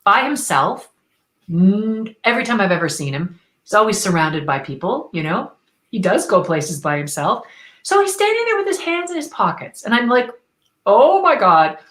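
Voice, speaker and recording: A woman from Canada, a guest on an interview show, telling a personal story in an enthusiastic, expressive, spiritual way. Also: mid-range voice, normal speed, roomy sound, poor audio.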